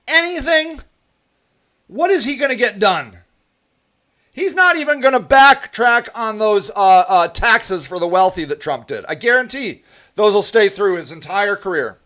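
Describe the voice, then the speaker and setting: A man's voice: very high-pitched, bright, forceful tone. Heated, profane man ranting on politics. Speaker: show host.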